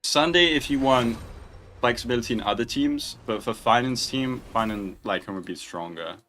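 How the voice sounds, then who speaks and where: A man's voice: medium pitch, normal speed, sharp tone, slight background noise. A young man hosting a casual livestream, chatting, joking and answering viewer questions. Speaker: livestream host.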